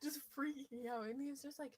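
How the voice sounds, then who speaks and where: A woman telling a personal story to her viewers in a lively, playful, mischievous way. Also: sits high, moderate pace, low-quality recording. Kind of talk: casual storytelling.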